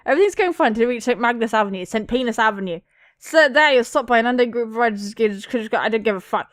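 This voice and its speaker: A young woman hosting a gaming video, reading a visual novel aloud quickly and giggling as she jokes between lines. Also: on the high side, dry recording, studio quality.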